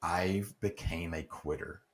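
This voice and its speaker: Deep-voiced man telling a story. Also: steady tone, takes it slowly. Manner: earnest, acts out quoted dialogue. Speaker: podcast guest. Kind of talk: emotional personal storytelling.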